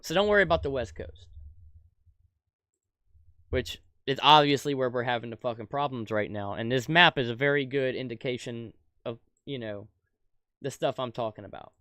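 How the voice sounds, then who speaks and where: A young adult man giving an angry, profane political rant as a commentator, swinging from shouted outbursts to low muttering. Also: moderate pace, pauses often, dry recording, clean studio sound.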